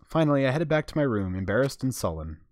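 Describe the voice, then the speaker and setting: Animated male streamer reading a game. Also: medium pitch, quick pace, no room sound, clean studio sound. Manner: casual, animated narration. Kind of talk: reading a visual novel aloud on stream. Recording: faint background game music.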